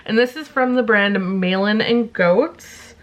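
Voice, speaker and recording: A woman's voice: mid-range voice, takes it slowly. Chatty woman vlogger, casual and rambling. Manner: chatty, self-deprecating, frequent ums. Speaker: beauty vlogger. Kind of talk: casual chat to camera.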